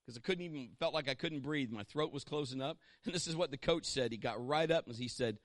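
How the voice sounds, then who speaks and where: Forceful, dry-sounding male pastor preaching. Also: medium pitch, fast, hardly any pauses, no echo. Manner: impassioned preaching, leads the congregation in repeating lines. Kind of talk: sermon.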